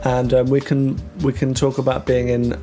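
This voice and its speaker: A man teaching English vocabulary, talking through words with many ums and restarts and slowing down on the key terms. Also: mid-range voice, monotone, mellow, faint music behind. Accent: British English. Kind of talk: explaining vocabulary to learners.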